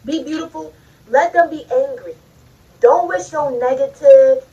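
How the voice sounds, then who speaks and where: A high-pitched woman preaches to her viewers in a loose, casual way. She sits some way back from the mic, and the recording sounds dull and lo-fi. Her talk is chatty and direct. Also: a little slow, dark tone, far from the mic. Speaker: vlogger. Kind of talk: motivational talk to camera.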